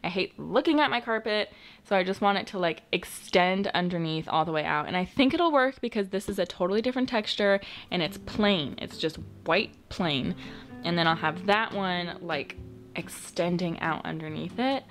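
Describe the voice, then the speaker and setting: A young woman chatting casually to camera at home in a lifestyle vlog, bubbly and excitable. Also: medium pitch, moderate pace, faint music behind. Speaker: lifestyle vlogger. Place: at home in her room.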